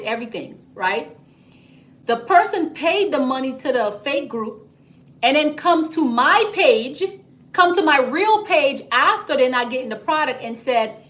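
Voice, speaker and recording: A woman hosting a casual business livestream, talking emphatically and reading out viewer comments. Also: sits high. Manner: chatty and emphatic, frequent "okay?" and "y'all", animated storytelling. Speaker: livestream host, business credit coach.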